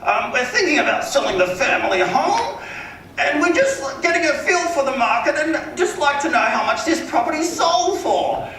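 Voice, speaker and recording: A man voicing an aloof, wealthy, upper-class gentleman with a plummy, drawn-out way of speaking, in an echoey hall. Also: very high-pitched, sing-song, a little hiss or hum, pitched above the performer's own voice, exaggerated voice. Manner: slow, drawn-out, condescending. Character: posh wealthy middle-aged man, aloof and drawling. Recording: echoey hall, mic at a distance.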